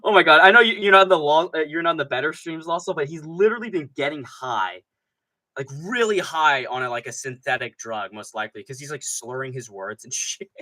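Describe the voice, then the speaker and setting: A man hosting a live fight-night stream, ranting in a rambling, profane, excitable way and often laughing mid-sentence. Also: on the high side, fairly quick. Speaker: MMA streamer host. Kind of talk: live stream commentary, casual rant.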